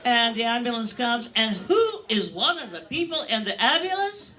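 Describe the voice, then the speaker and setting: A woman's voice: on the high side, very animated, moderate pace, background noise. An older woman performing a stand-up comedy routine on a comedy club stage, telling bawdy, self-mocking stories in a brash way.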